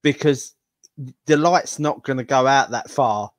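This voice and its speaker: A man's voice: medium pitch, a little slow, no echo. An Englishman co-hosting a podcast in a laid-back, jokey way, laughing often. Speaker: podcast co-host. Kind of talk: casual comedic chat.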